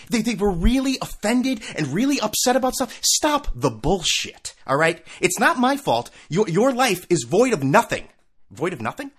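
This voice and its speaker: Husky New man, heated sarcastic rant, lively up-and-down pitch, swears a lot. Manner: heated, sarcastic, profane, lots of rhetorical questions. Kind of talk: solo opinion rant.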